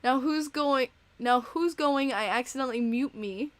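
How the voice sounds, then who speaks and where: Young female streamer host, high voice, dry close sound, chatty, emotional, laughs a lot. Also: normal speed, dry recording. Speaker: podcast host reading donations. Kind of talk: casual live-stream chat.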